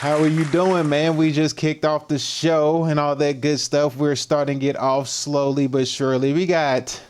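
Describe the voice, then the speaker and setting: A man's voice: fairly high pitch, level tone, moderate pace, clean tone, some chatter behind. A man hosting a fitness livestream, chatting casually in slang and greeting viewers by name.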